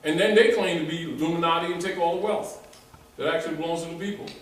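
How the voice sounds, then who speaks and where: A man giving an animated, rambling informal lecture to a small group, restarting his sentences as he goes. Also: fairly high pitch, quick pace. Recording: echoey room, mic far off, faint noise.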